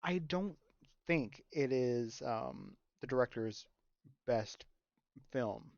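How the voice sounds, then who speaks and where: A man's voice: mid-range voice, expressive, slow, creaky, a little mellow, no room sound. A man co-hosting a casual podcast chat, rambling and laughing often. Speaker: podcast co-host. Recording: dull lo-fi mic.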